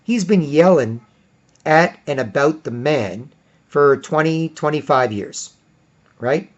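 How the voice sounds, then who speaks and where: A man delivering a rambling monologue, often putting on high mocking voices for other people. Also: expressive, slow. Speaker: commentator. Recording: dull lo-fi recording.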